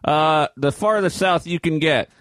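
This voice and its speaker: A man voicing a crude male Southern redneck in an improvised comedy sketch, with deadpan replies. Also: a little high, a little slow, no room sound.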